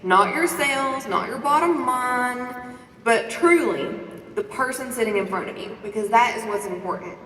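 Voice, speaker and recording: High-voiced woman, echoey hall. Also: moderate pace. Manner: lively, preachy, talks straight to the crowd with questions. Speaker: conference speaker. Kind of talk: motivational talk to a live audience. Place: large conference hall. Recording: echoey hall recording from a distance.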